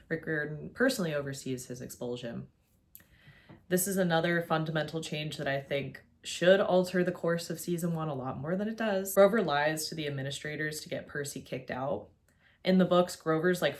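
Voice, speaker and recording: A young woman with a low voice talks through her video essay at home, chatty and opinionated. She fills her thoughts with "like" and keeps it casual, speaking into a camera. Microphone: facing a camera.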